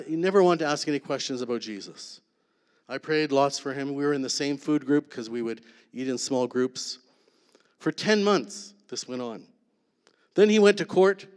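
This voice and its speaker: A man tells his story in earnest, measured phrases, pausing for effect. He often drops to a soft, intense hush to land a point, in the manner of a church testimony. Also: medium pitch, lively intonation, in a large hall. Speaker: guest speaker.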